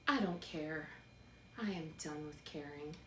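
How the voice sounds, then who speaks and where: A woman's voice: deep voice, measured pace, roomy sound, far from the mic, slight background noise, pitched below the performer's own voice. Woman voicing a weary, despairing toy rabbit. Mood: resigned. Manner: flat, resigned inner voice.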